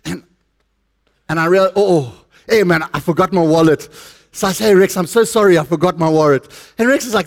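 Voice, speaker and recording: A middle-aged South African man preaches with a notably high-pitched voice. He talks to his congregation in a loose, chatty way and slips jokes in between points. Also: brisk. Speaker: pastor. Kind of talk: sermon.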